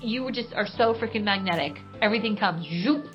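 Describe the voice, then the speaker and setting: A woman's voice: medium pitch, brisk, faint music behind. A woman hosting a podcast and giving an enthusiastic spiritual coaching talk, casual and bubbly with mild slang. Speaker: podcast host and business coach. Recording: dull lo-fi recording.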